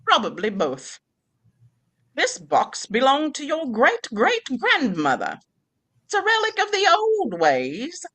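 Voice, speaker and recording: A woman's voice: a little high, sharp tone, voice pushed up, heavily acted. A woman reading aloud and voicing a wry old grandmother's farewell letter, in a stern, scolding manner like a cross witch.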